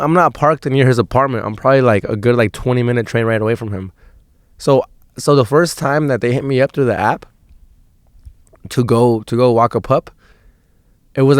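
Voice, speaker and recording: In a smooth, mid-range voice, a young man hosting a podcast rambles through a casual story, leaning hard on "dude" and swearing. It's studio quality, with no room sound.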